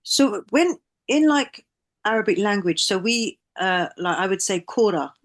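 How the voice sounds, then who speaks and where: Student voice, unsure and halting, works through a question. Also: mid-range voice, animated, fairly bright tone. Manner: hesitant, many fillers and restarts. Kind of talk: asking questions in a lesson.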